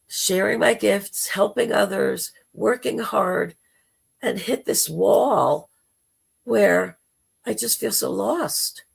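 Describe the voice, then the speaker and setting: A woman hosting a live spiritual talk, telling a personal story slowly and heartfelt, with dramatic quoted asides. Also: mid-range voice, vocal fry, slightly rough. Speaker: spiritual talk show host.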